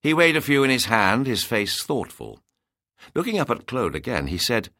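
Man, storybook narrator, lowish voice, very expressive, dry close sound. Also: moderate pace, no room sound. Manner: expressive, descriptive reading.

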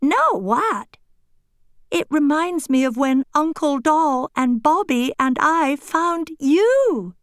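An earnest young girl doll from a storybook, exclaiming in a slightly raised, lively voice, put on by a woman reading aloud. Her speech is slow and sing-song, recorded close and dry. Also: high-pitched, no room sound, pitched above the performer's own voice, heavily acted.

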